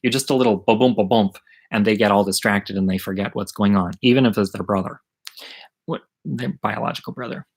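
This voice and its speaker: A man's voice: lowish voice, fairly quick, creaky, husky, low-quality recording. A middle-aged man telling a story from his childhood in a chatty, rambling way, swearing freely, as the host of an online story hour. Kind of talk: casual live-streamed storytelling.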